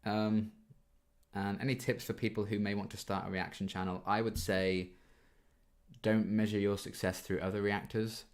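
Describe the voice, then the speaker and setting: A young man in his twenties runs a casual Q&A for his YouTube reaction channel, reading viewer questions aloud and talking through his answers with plenty of ums. His voice is fairly low with little pitch movement, and he speaks at a moderate pace.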